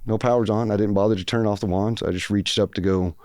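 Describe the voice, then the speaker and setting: A man with a low, resonant voice tells a story in a plain, matter-of-fact way, rambling on from one detail to the next. The recording is dry and close, with no room sound. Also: steady tone, quick pace, darkish tone, smooth, no echo. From Texas. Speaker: podcast guest. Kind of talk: casual storytelling.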